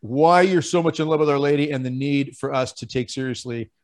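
A man's voice: mid-range voice, brisk. A man hosting a podcast, talking with enthusiasm and rattling off long promotional lists. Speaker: podcast host.

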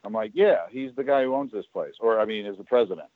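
A man in a casual chat tells stories from his working life and acts out each person's lines as he goes. His voice sits low. The sound is thin and phone-like, with no room echo at all. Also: fast. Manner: animated storyteller who acts out other people's lines. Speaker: guest telling career stories. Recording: tinny phone-like line, dry.

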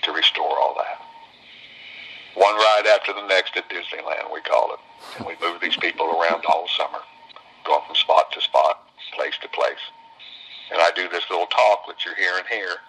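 A man's voice: sits low, normal speed, bright, forceful tone, slightly rough, poor audio. A man telling homespun stories to visitors in a folksy way, often repeating phrases for emphasis. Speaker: business owner speaking to visitors. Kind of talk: folksy storytelling talk.

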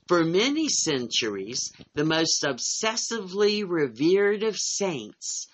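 A woman co-hosting a casual chat, reading a passage aloud in a slow, measured way. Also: deep voice, a bit bright. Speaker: co-host.

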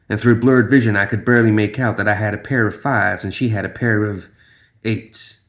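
A man's voice: on the low side, moderate pace, a bit bright. A man narrating a first-person horror story in a tense, dramatic way.

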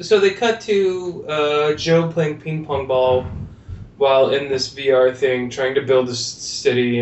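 Male podcast co-host, rambling and jokey, recorded from across the room on a muffled mic. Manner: rambling, laughs often, acts out lines. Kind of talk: casual movie review chat. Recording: distant roomy lo-fi mic with faint rumble.

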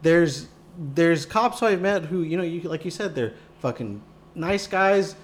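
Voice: medium pitch, lively intonation, a little slow, a little hiss or hum. A podcast host in casual chat, reacting with short, profane interjections.

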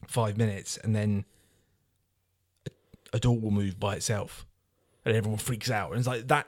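A man's voice: mid-range voice, fairly even intonation, a little fast, no room sound, clean studio sound. A man ranting and swearing freely while reviewing a film on a casual podcast. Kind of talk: casual chat.

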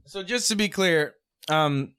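A man's voice: high voice, a little slow, a bit bright, smooth, no echo. A man co-hosting a podcast in casual chat, laid-back and wry, laughing often. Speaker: podcast co-host.

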